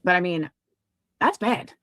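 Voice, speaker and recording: A woman's voice: lowish voice, lively intonation, a little slow, fairly bright tone, no room sound. A woman giving blunt, judgmental commentary in a casual clip played on a stream.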